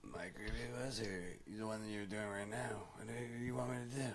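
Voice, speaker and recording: A man's voice: on the low side, fairly quick, very noisy. A man guesting on a casual comedic podcast, playful and often repeating words.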